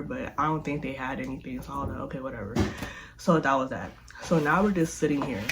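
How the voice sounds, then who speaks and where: Animated young storytime vlogger. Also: medium pitch, a little hiss or hum, low-quality recording. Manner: animated, acts out quotes, says "like" and "da da da" a lot. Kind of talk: casual storytelling.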